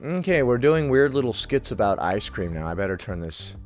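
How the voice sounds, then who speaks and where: A man doing comic reaction commentary. His voice is lively and animated, swinging up and down in pitch, and he talks in a mocking, irreverent way with plenty of swearing. Faint music plays behind him. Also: fairly quick. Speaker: reaction video host.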